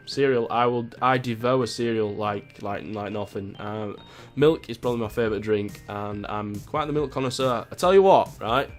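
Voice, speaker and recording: Answering his viewers' questions in a laid-back vlog, this twenty-something man from Greater Manchester speaks in a lowish voice with the local accent, slightly tinged by Yorkshire. His chat is rambling, jokey and full of swearing.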